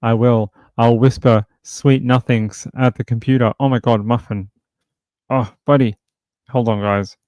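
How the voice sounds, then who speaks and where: A man of middle pitch hosts a true crime livestream from home, talking loosely and rambling with plenty of filler words. His voice is recorded close and dry, with no room sound. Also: steady tone, measured pace, a little mellow, dry recording, highs cut off. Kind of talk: casual livestream chat.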